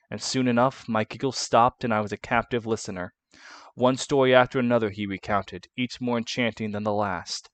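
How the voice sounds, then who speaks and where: Man reads a woman consort telling her past; soft, subdued. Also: medium pitch, dry recording, close to an everyday voice. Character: woman consort recalling her hard youth.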